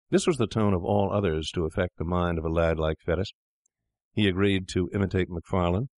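A man narrating an audiobook in a measured, steady way. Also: deep voice, no echo, studio quality.

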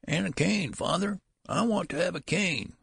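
A man's voice: high-pitched, moderate pace, vocal fry, a bit bright, slightly rough, dry recording, clean studio sound, voice pushed up, heavily acted. Man doing a quavering, plaintive old man. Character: elderly man in a newborn's place, meek and quavering.

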